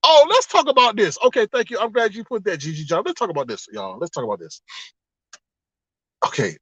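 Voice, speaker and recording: High-voiced, animated male livestream host. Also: fairly quick, slightly rough, no room sound. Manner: animated, exclamatory storytelling with frequent laughs. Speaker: livestream host reading chat. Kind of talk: casual livestream chat. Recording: dull, slightly lo-fi, dry sound.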